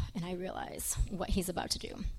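A woman's voice: little pitch movement, moderate pace, creaky, a little mellow, husky. A woman missionary telling her own story to a live audience in a conversational way, speaking straight to her listeners. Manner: dramatic, acts out quoted lines in a much higher voice; conversational, addresses listeners directly.

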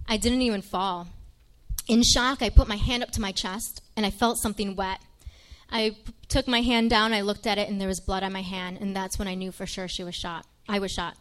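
A woman missionary telling her own story to a live audience in a conversational way, speaking straight to her listeners. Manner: dramatic, acts out quoted lines in a much higher voice; conversational, addresses listeners directly.

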